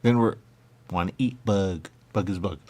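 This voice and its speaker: A man's voice: moderate pace, darkish tone. A man in absurd comedic banter, arguing in goofy circles. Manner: goofy, circular arguing with big pitch jumps.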